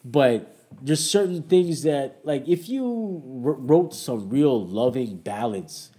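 Animated, opinionated man with a mellow voice. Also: medium pitch, takes it slowly. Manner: opinionated, emphatic, laughs often. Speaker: podcast co-host. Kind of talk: casual chat.

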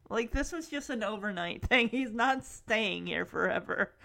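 A woman's voice: a little high, expressive, normal speed, gravelly, pushed and bright. A woman giving a chatty, affectionate recap of a television episode, full of asides and small laughs. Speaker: show recap host. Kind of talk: casual episode recap commentary.

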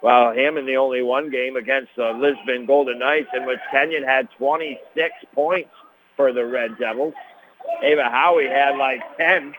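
Man, middle-aged, Upstate New York accent, basketball play-by-play, brisk calls, chatty asides, faint background noise. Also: medium pitch, narrow, tinny audio. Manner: brisk call with rising excitement on big plays. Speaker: play-by-play commentator. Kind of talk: local sports play-by-play.

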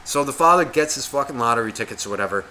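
Podcast co-host, male, bright tense voice, profane, rambling anecdote with voices thrown in. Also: mid-range voice, rapid-fire, a little hiss or hum. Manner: heavy swearing, rambling, animated retelling with acted quotes. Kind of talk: casual storytelling chat.

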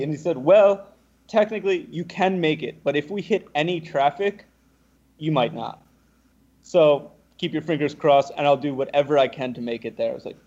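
A man's voice: on the high side, moderate pace. Young guy telling a story, does the other people's voices, kinda muffled lo-fi sound. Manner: animated, acts out the other people's lines. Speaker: guest. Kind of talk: casual storytelling.

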